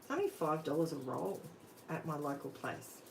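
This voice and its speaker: A woman's voice: low voice, very animated, moderate pace, creaky, distant mic, rough recording. An Australian woman hosting a live crafting stream, chatting casually and thinking aloud while she works, asking viewers questions. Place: home craft room. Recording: off-mic with faint room noise.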